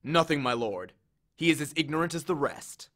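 A man's voice: a little high, lively intonation, moderate pace, fairly bright tone. A man voicing a fawning invisible servant. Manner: obsequious, eager to please. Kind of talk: audiobook character voice.

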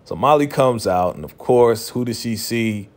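A man's voice: medium pitch, normal speed. A man casually recapping a TV episode, animatedly retelling scenes, acting out the characters' lines and laughing often, with loose slangy speech full of "you know" and "right.". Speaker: TV recap vlogger.

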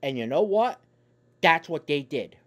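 A man's voice: on the high side, sing-song, unhurried, fairly bright tone. A man delivering a profane, angry sports fan rant on his YouTube channel, swearing in nearly every sentence.

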